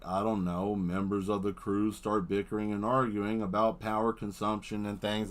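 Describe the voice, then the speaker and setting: A man with a lowish voice talks casually while he paints on a live stream. He rambles from one thought to the next in a playful way and grows excitable when he spins a silly story.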